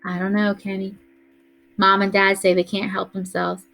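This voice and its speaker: A woman's voice: medium pitch, monotone, moderate pace, gravelly, fairly bright tone, poor audio. A woman reading aloud voices a tough, bossy teenage older brother who scolds in a streetwise way. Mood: consoling.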